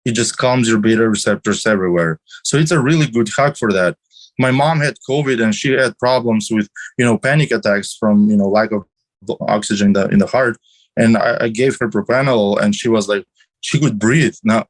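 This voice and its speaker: A man with a fairly low voice talks fairly quickly as a guest on a podcast, explaining things at length about drugs in casual chat. He restarts often and uses many fillers, and the recording is rough.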